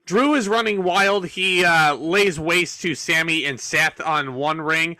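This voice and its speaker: A man with a fairly high, bright, forceful voice hosts a loose, jokey podcast chat with plenty of sarcasm. His sound is close and dry, with no room around it. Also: takes it slowly, no echo. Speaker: podcast host. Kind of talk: casual wrestling review chat.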